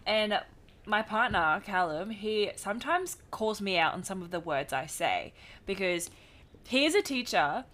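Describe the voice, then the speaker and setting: A young woman from the Philippines with a Filipino English accent with some American to it, co-hosting a podcast in casual, animated chat and often restarting her sentences. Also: medium pitch, a little slow. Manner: animated, laughing, self-interrupting. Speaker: podcast co-host.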